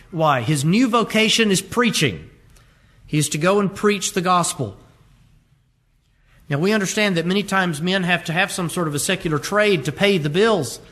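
Male pastor, higher-pitched voice, conversational sermon delivery, asks the congregation questions. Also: fairly bright tone. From rural upbringing with a catfish pond. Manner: conversational preaching with rhetorical questions.

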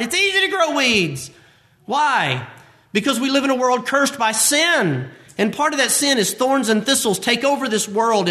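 A man delivers a sermon in a high, bright voice. He preaches with emphasis, repeating his points and mixing in personal stories. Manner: emphatic, repetitive preaching with vivid personal asides. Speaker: pastor.

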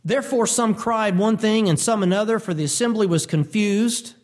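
Male preacher, high voice, lively storytelling delivery, reads scripture then explains it. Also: normal speed. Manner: animated, acts out voices and quotes. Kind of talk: expository sermon.

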